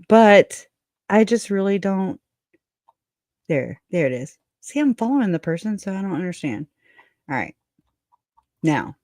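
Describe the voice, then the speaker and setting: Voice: mid-range voice, a little mellow, no echo. Chatty live-stream host, dry sound. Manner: chatty, laughing, talks to viewers as y'all. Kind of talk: casual live stream chat.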